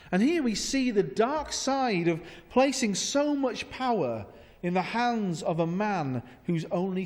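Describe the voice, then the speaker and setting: Wry, animated male pastor, high voice, long church reverb. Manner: humorous, animated, sarcastic. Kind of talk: sermon.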